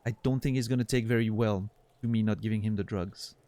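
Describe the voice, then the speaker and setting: A man streaming a game, chatting casually with a deadpan sense of humor and thinking out loud. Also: on the low side, fast talker, dry recording. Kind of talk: casual gameplay commentary.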